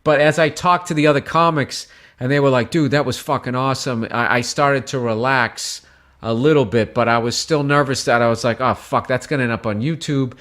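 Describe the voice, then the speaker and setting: Man, middle-aged, comedian guest, casual storytelling, swears a lot, animated. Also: medium pitch, a little fast. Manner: swearing, animated storyteller who yells out quoted voices.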